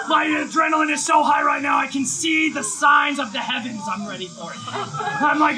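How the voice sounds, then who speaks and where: A man preaching live, telling an excitable story with lots of shouting and bursts of energy. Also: very high-pitched, fairly quick, over a noisy crowd, heavy background noise. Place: live event, outdoors or hall.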